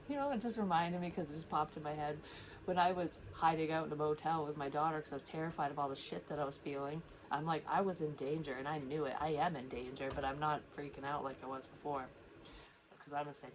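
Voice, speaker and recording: Low, flat-voiced woman rambling bluntly. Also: moderate pace, noisy background. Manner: rambling, blunt and heavily profane; emotional, near tears at times. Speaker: psychic medium vlogger. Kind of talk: casual monologue to camera.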